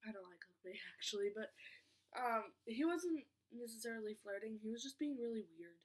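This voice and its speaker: A woman's voice: a little high, lively intonation, a little fast. Chatty young woman rambling through a story. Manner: rambling, fillers of "like", stumbles over words. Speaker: vlogger. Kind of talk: casual storytime vlog.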